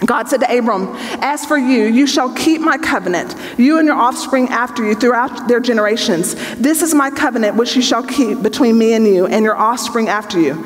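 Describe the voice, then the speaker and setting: A woman's voice: on the high side, fairly quick, long reverb tail. A woman Bible teacher leading an evening study, who reads scripture aloud and then explains it in a chatty, joking way.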